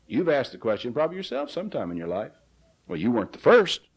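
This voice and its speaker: A man's voice: medium pitch, sing-song, quick pace, husky, low-quality recording. A man preaching a sermon in an earnest, plain way. He reads scripture aloud and rises to pleading cries in a recording from the 1980s.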